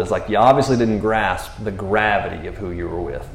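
A man preaching in a relaxed, casual way, acting out the disciples' voices as he tells the story. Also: fairly low pitch, fairly quick, roomy sound. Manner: animated, acts out voices of the disciples. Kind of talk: casual sermon.

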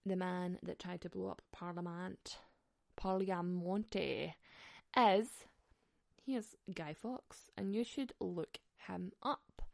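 Sweary chatty woman with a gravelly voice. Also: medium pitch, no echo, clean studio sound. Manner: sweary, chatty, laughs often. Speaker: podcast host. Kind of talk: casual storytelling chat.

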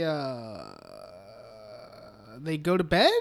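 A man's voice: sits high, lively intonation, slow, bright, forceful tone. A young man co-hosting a podcast, casually retelling a film in a rambling way, laughing and swearing freely. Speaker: podcast co-host.

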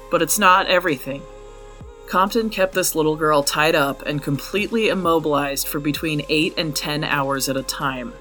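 A man's voice: on the high side, pushed and bright. A man hosting a true crime podcast, reading a scripted case with blunt, profane anger. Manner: blunt and profane, openly angry.

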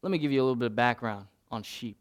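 A man's voice: medium pitch, racing. A man preaching a sermon as pastor, in an earnest, conversational way with frequent restarts.

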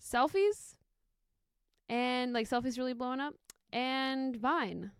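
A woman's voice: sits high, slow, clean tone, no echo, clean studio sound. A young woman co-hosting a podcast, chatting casually and jokingly with lots of fillers. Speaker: podcast co-host. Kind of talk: casual chat.

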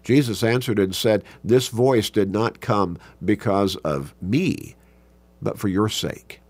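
A man teaching a Bible class, reading scripture aloud and explaining it slowly, stretching key words for emphasis. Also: on the low side, darkish tone, no echo.

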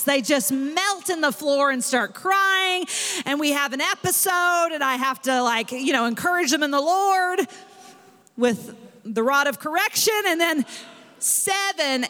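A woman pastor preaching a sermon in an animated way, rising in emphasis as she makes her points. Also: sits high, moderate pace, in a large hall.

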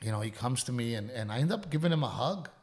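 A man, co-hosting a podcast in casual chat, telling earnest stories and going hushed at heartfelt moments. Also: medium pitch, animated, fast talker. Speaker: podcast co-host.

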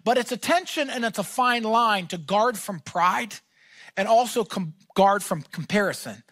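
A man preaching a sermon as pastor, talking in a casual, animated way that rises to shouts. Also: high voice, moderate pace, dry recording.

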